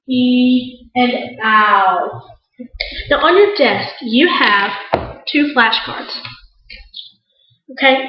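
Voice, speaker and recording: A woman teaching an English class in a classroom, speaking slowly and patiently and stretching out sounds for her students. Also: sits high. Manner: slow, patient, imitates animal sounds. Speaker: ESL teacher. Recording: echoey classroom, dull lo-fi sound.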